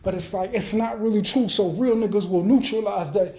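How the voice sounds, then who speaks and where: Rambling, profane man with a dark voice. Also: high-pitched. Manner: profane, loose, rambling, talks fast then trails off. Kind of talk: rambling monologue rant. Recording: roomy echo.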